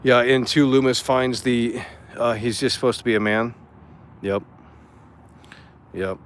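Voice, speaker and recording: A man streaming live, chatting casually and reacting to chat in an excitable, profane way with frequent stammered restarts. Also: mid-range voice, measured pace, a little hiss or hum. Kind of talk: casual livestream commentary reading chat.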